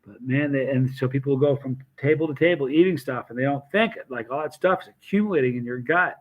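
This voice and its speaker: A man hosting a casual live stream, telling animated stories with restarts and acted quotes. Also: medium pitch, fairly quick. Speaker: hot sauce seller and channel host.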